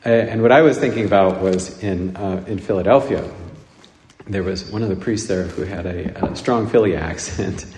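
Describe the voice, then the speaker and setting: A man from Nebraska giving a conversational homily, rambling and halting with many restarts and fillers. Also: sits low, a little mellow, slight background noise. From Nebraska, USA. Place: church. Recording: echoey church with long reverb.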